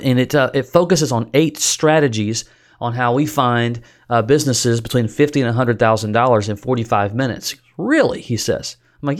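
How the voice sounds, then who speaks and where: A man talks casually about coaching in a mid-range voice. He rambles in an easy, conversational way, with lots of fillers and false starts. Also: medium pitch. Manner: conversational, many fillers and restarts. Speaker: business coach host. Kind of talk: casual storytelling monologue.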